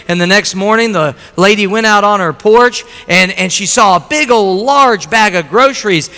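A man preaching a sermon in a high, bright voice. He moves between easy storytelling and loud, emphatic appeals. The sound carries a long reverb, as in a church hall. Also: animated, moderate pace, few pauses.

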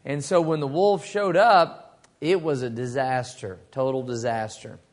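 A man's voice: medium pitch, fairly even intonation, a little slow. A man teaching a Bible study to a group, folksy and storytelling, asking the room questions. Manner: folksy storytelling with acted quotes.

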